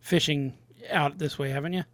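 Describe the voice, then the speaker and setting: A man's voice: fairly high pitch, steady tone, normal speed, a bit bright, no room sound. A man co-hosting a casual chat, tossing in wry, teasing asides.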